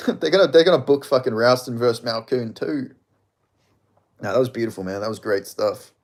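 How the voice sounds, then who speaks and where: Excitable Australian man reacting to fights. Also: medium pitch, moderate pace. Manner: excitable, profane, shouts at big moments. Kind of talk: live watch-along fight reaction.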